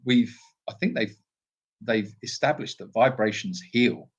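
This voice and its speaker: A man's voice: fairly low pitch, measured pace, husky, muffled recording. A man co-hosting a live Q&A from an animal sanctuary, reading viewer comments in a playful, jokey way. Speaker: co-host of a live Q&A.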